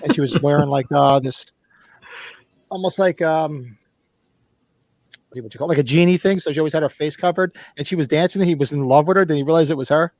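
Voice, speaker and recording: Guy rambling thru stories on a watch-along stream, kinda high voice, dry sound. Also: fast, long pauses, a little mellow, no room sound. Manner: rambling storyteller. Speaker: podcast co-host. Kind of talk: casual watch-along chat.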